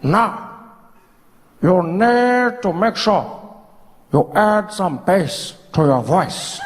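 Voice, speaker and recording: Brief: comedian putting on an aged statesman, wise, slow and grave, lively pitch, on a reverberant stage. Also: heavily acted. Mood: slow-lecturing. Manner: slow, weighty, measured delivery.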